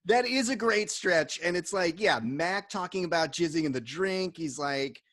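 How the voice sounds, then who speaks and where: A man's voice: a little high, lively intonation, normal speed, a bit bright, no room sound. A man co-hosting a casual podcast, recapping an episode, laughing often and swearing casually. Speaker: podcast co-host. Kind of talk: casual chat.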